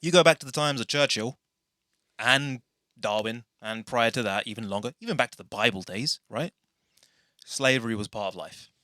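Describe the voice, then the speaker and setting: A man's voice: mid-range voice, normal speed, pushed and bright, dry recording, clean studio sound. A man hosting a casual podcast, rambling through tangents and correcting himself as he goes. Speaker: podcast host.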